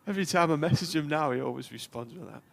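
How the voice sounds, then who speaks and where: A man's voice: fairly high pitch, fast talker, creaky, a bit bright. A man, commentating on live cricket and telling a long, chatty anecdote. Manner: chatty storyteller, puts on voices for characters in his tales.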